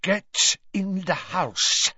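A man's voice: sits high, drawn-out words, bright, forceful tone, husky, no echo, pitched above the performer's own voice, heavily acted. A man voicing an aggressive, sneering elderly man in a dull, dry recording. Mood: hostile. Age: older. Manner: snarling, hostile. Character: aggressive elderly male cottage-dweller, sneering.

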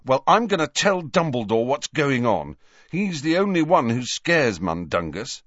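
A man voicing a hot-tempered teenage boy wizard who snarls and shouts in anger. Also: medium pitch, big pitch swings, a little slow, no room sound, highs cut off, pitched above the performer's own voice. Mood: fuming.

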